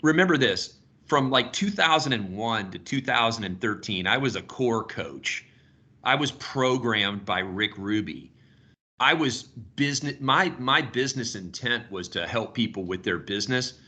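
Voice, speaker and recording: A man in his fifties leading a sales team video call, telling stories in an animated way and swearing casually. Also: medium pitch, a little slow. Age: 50s.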